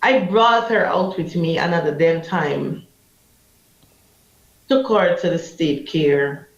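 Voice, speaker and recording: A woman with a Guyanese accent recounts her experiences with fierce, vivid passion, slipping into the voices of the people she quotes. Her voice has a gravelly, creaky texture. The recording sounds roomy and a little muffled. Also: lowish voice, slow pace. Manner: impassioned, vivid storyteller acting out quotes. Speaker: anti-trafficking activist. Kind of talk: emotional personal storytelling interview.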